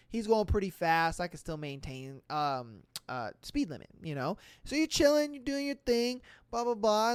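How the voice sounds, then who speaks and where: Woman, podcast host, casual storytelling, swears a lot, acts out the voices, medium pitch, dry close sound. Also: smooth, dry recording. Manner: animated, profane, acts out quoted voices. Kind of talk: casual chat reading listener stories.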